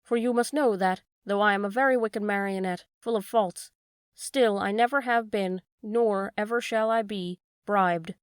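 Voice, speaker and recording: A woman's voice: mid-range voice, normal speed, clean tone, no echo, clean studio sound, close to an everyday voice. A woman voicing an earnest wooden boy marionette in a storybook reading.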